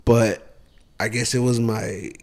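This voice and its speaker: A man's voice: medium pitch, fairly even intonation, takes it slowly, darkish tone, slight background noise. A young man co-hosting a podcast, telling a story in casual slangy chat with lots of swearing and restarts. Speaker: podcast co-host.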